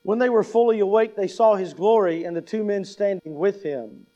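A man with a high voice preaches a sermon. He is emphatic, repeats his key lines and puts questions to the congregation. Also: normal speed, mellow, rough recording. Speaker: pastor.

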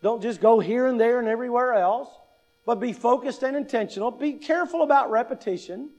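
With a very high, slightly mellow voice and a fairly quick pace, a man in his fifties who is a pastor delivers a conversational lesson on public speaking. He keeps asking "right?" and adds dry, wry humor.

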